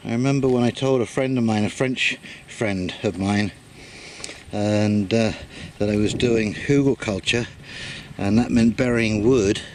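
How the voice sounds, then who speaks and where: Low-voiced guy chatting outside in his garden, lots of uhs, faint outdoor noise behind him. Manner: rambling, many "uh" pauses, relaxed storytelling. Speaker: gardening vlogger. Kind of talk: casual gardening walkthrough.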